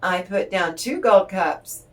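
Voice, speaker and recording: A woman's voice: medium pitch, expressive, takes it slowly. A woman playing an eager man who keeps offering gold cups in an upbeat, bargaining way. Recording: voice distant from the mic.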